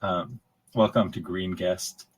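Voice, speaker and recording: Low husky man rambling on a call. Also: fairly even intonation, slow, low-quality recording. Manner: rambling, restarts and repeats words. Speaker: conference speaker answering questions. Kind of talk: casual Q&A chat. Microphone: video call.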